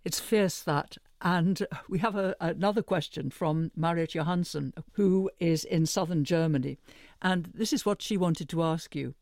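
A man's voice: fairly high pitch, moderate pace, creaky, a little mellow, no echo, clean studio sound. A man hosting a book discussion, introducing readings and listener questions. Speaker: host.

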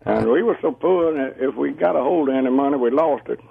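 A man calling a radio show, friendly and unhurried, laughing often, heard over a tinny phone line. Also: mid-range voice, gravelly. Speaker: radio caller.

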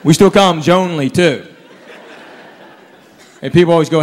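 Laughing stand-up comic on stage. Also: male voice, on the high side, moderate pace. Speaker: stand-up comedian. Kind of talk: stand-up routine. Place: comedy club stage. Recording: live room with long reverb and audience. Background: crowd laughter, room noise.

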